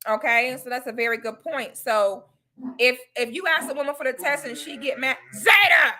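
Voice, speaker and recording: A woman hosting a casual livestream talk, giving blunt, opinionated advice in an animated way. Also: high voice, fairly quick. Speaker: online talk host.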